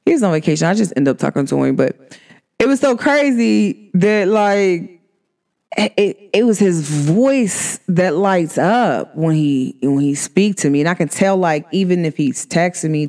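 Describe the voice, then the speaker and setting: A woman hosts a podcast, chatting casually and emphatically with her listeners. She fills her speech with "like," and her voice swings up high whenever she gets excited.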